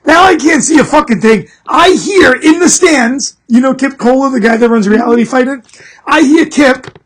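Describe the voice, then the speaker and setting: A middle-aged man hosting a podcast, telling an animated, profane story and laughing through it. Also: very high-pitched, moderate pace. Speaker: podcast host. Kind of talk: casual storytelling.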